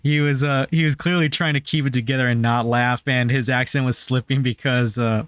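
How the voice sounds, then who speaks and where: A laid-back man talks over a film on a podcast, tossing in trivia and the odd swear word. He speaks at a middling pitch, and the recording is dry and close-miked. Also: fairly quick, smooth, no echo. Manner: relaxed, swears casually, adds trivia. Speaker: podcast co-host. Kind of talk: casual movie review chat.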